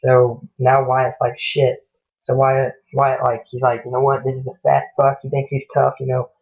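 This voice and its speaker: Young guy rambling thru a gory horror story, swears a lot, flat husky voice, sounds like a phone line. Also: mid-range voice, normal speed. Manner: rambling, profane, acts out characters' lines casually. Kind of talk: casual spoken horror story retelling. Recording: muffled phone-like audio.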